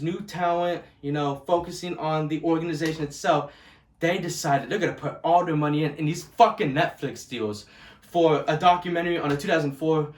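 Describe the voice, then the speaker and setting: A man in his early twenties, swearing constantly as he rants casually about sports loyalty and gets loud and heated. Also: a little high, far from the mic. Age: 20s. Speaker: vlogger. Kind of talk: casual ranting monologue. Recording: echoey room, voice off-mic.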